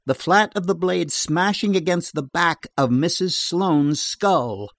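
A man narrating a horror story in a steady, measured reading voice. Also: fairly high pitch, dry recording, clean studio sound.

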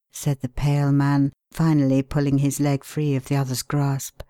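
A woman narrating a story in a calm, measured way. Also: low voice, no room sound, studio quality.

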